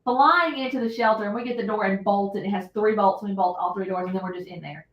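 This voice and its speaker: A middle-aged woman, hosting a casual livestream and retelling a story in an animated, dramatic way. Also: medium pitch, fast talker, highs cut off. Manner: animated, dramatic retelling with loud acted shouts. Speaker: livestream host. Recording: echoey room.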